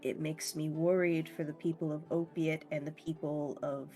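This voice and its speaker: A woman voicing a grateful, solemn host who speaks quietly and hesitantly. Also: deep voice, flat delivery, moderate pace, faint music behind, pitched below the performer's own voice, natural voice.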